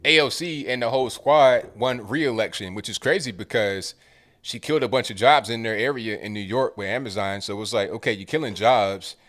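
A man's voice: mid-range voice, brisk, fairly bright tone. Laid-back man co-hosting a chat. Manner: laid-back, agreeable, repeats words. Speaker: co-host. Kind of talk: casual political chat.

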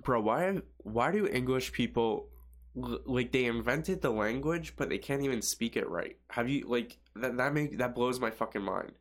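A man's voice: medium pitch, animated, normal speed. A young man hosting a podcast, rambling casually and profanely, with many fillers and restarts. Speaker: podcast host.

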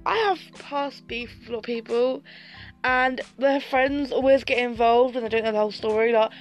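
A woman's voice: on the high side, fairly even intonation, moderate pace. A young woman hosting a casual podcast chat, sassy and theatrical, swearing a lot as she talks to her viewers. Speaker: podcast host. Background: faint music.

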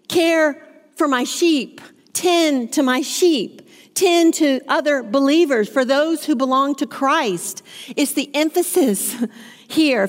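A woman's voice: high voice, in a large hall. A woman Bible teacher reading scripture aloud and explaining it, stressing points through repetition. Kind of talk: women's Bible study teaching.

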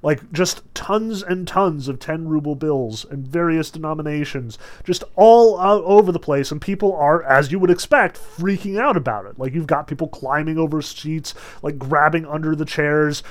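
A man's voice: a little high, moderate pace, hardly any pauses. A man lecturing about a novel in a casual, chatty way, often saying "like" and "notice". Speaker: literature lecturer. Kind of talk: lecture with read-aloud passages.

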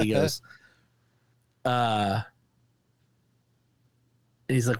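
A man's voice: on the low side, steady tone, slow pace, pauses often, no echo. A man co-hosting a podcast, chatting casually and telling stories with laughs and swearing. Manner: storytelling, swearing, laughing often. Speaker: podcast co-host. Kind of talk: casual chat.

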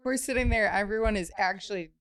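A woman's voice: mid-range voice, fast talker, a loud crowd. A woman guest on a podcast, chatting casually and teasingly, laughing as she talks. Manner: teasing, laughs while talking. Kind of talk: casual chat.

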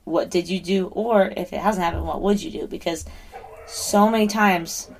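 A woman in casual chat who talks in a relaxed, thoughtful way and asks about parenting. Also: lowish voice, fairly quick, slightly rough.

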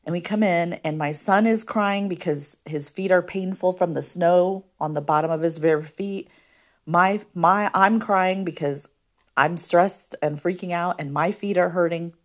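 A woman hosting a podcast, telling a personal story in a hesitant way with many pauses and ums. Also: lowish voice. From American Midwest. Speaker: podcast host.

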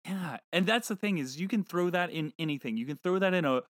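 High-voiced man, animated chat. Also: a little fast, no echo, studio quality. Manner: animated, laughs often. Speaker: podcast co-host. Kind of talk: casual chat.

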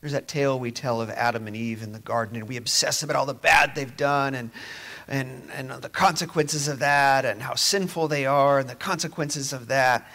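A man's voice: medium pitch, fairly even intonation, normal speed. A man preaching a sermon in a conversational way, dropping to near-whispers at times. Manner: conversational, moving between quiet near-whispers and emphatic rises.

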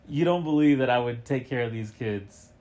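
A young man co-hosting a casual podcast with his partner, answering in dry, flat refusals and wry jokes. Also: medium pitch. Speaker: podcast co-host. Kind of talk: casual couple's podcast chat.

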